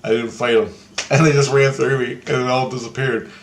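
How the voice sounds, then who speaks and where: A man recounts a strange vision in a loose, rambling way, with a lot of swearing. His voice sits at an ordinary pitch. A faint hiss of noise runs under the recording. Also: brisk. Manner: profane, excitable storytelling that acts out quoted voices. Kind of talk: rambling first-person account of a vision.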